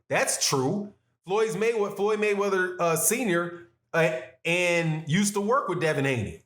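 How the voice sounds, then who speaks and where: A man's voice: high-pitched, measured pace, a bit bright. A man giving solo boxing commentary in a casual, conversational way, often restarting phrases and checking in with "right?". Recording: roomy echo.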